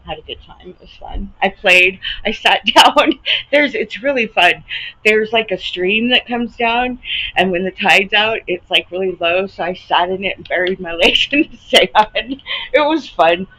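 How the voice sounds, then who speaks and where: A woman in her late fifties venting to her camera in a casual, animated rant, swearing and laughing often. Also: mid-range voice. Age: 50s. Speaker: vlogger. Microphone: camera mic. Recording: slightly muffled with faint background hiss.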